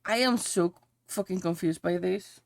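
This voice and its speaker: A woman's voice: fairly low pitch, moderate pace, creaky, dry recording. A woman streamer chatting casually while she draws on a live stream, swearing freely and singing along to songs now and then.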